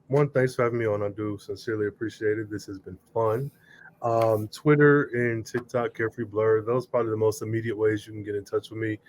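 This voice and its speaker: A man who is a guest on a podcast, speaking in casual, easygoing conversation. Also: mid-range voice. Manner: easygoing, short affirmations, unhurried. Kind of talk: casual interview chat.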